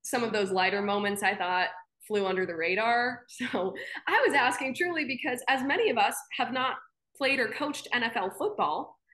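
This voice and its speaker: A woman's voice: on the high side, normal speed, a bit bright. A young woman, a sports anchor, chatting casually as an interview guest, telling anecdotes with frequent laughs and fillers. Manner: chatty storyteller, laughs often, many fillers.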